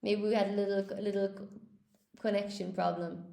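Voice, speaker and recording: A woman's voice: medium pitch, level tone, a little fast, creaky, warm tone, roomy sound. A woman teaching English on a live stream, chatting with viewers and cheering them on in an upbeat way. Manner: upbeat, encouraging, reads chat aloud.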